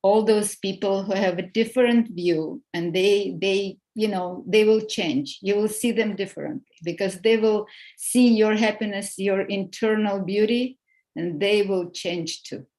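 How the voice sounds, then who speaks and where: A woman's voice: mid-range voice, measured pace, darkish tone, low-quality recording. A woman in an online group speaking earnestly and a little hesitantly. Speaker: discussion group participant. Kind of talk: casual group chat.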